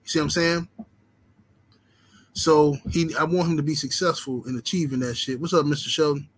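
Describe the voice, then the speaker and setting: A man's voice: a little high, steady tone, normal speed, husky, low-quality recording. Laid-back profane boxing streamer, man. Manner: laid-back, profane street talk with lots of "you know what I'm saying". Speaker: boxing channel host. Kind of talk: casual livestream chat reading the super chat.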